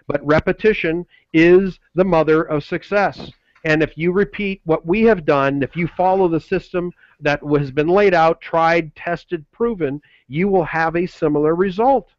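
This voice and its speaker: A man co-hosting a webinar, delivering a pushy motivational sales pitch full of repeated slogans. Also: dry recording, dull audio. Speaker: webinar co-host.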